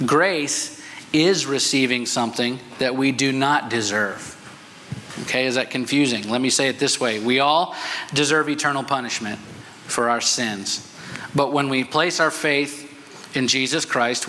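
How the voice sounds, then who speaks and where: A man's voice: medium pitch, moderate pace, bright, forceful tone, in a large hall, slight background noise, rough recording. A male pastor giving a sermon. He explains things step by step and keeps checking in with the congregation by asking "okay?".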